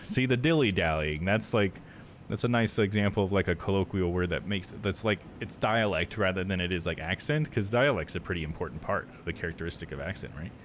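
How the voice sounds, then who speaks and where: A man's voice: low-pitched, animated, a little fast, slight background noise. A man with a rural Midwestern American accent, chatting casually while streaming a video game, rambling with lots of "like.". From United States. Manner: rambling, full of "like" and restarts. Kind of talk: live gameplay commentary.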